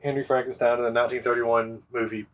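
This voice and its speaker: A man's voice: mid-range voice, little pitch movement, fast. A man co-hosting a podcast, recapping an old movie in casual, profane, joking chat. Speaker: podcast co-host.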